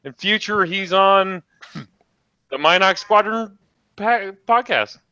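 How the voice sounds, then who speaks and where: Man podcast host, bright lively voice, joking, dry slightly dull audio. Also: high voice, takes it slowly, no echo. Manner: joking, excitable, swears freely. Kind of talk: casual podcast chat.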